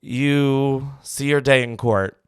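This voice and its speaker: Man, call-in host, blunt, swears a lot, mid-pitched, dry close sound. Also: slow pace, clear, resonant tone, dry recording. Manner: blunt, swears freely, thinks aloud. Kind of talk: casual call-in chat.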